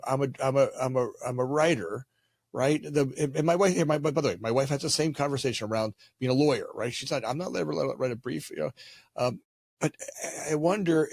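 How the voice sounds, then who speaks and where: A man's voice: mid-range voice, slightly rough, no room sound, studio quality. A man hosting a casual conversation, challenging his guest and telling stories with stammering restarts.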